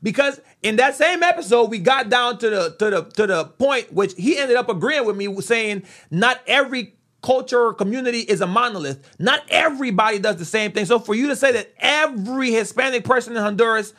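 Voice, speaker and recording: A man's voice: very high voice, animated, fairly quick, sharp tone. A young man co-hosting a casual podcast chat, playful and argumentative, often repeating himself. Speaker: podcast co-host.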